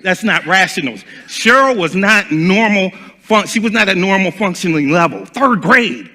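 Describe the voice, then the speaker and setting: A man giving a seminar talk as a speaker and trainer, animated and acting out dialogues. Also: high voice, normal speed, in a large hall.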